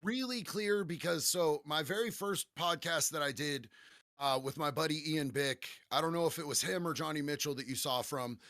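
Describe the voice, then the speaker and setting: A man's voice: on the high side, normal speed, fairly bright tone, no room sound, clean studio sound. A man, a podcast guest, telling stories in a casual, profane, laid-back way with lots of "bro.". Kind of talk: casual storytelling chat.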